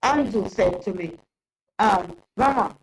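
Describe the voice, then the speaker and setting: An older woman telling a long personal story in an interview, rambling and halting with many restarts. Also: mid-range voice, expressive, rough recording. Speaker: interview guest. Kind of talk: casual storytelling.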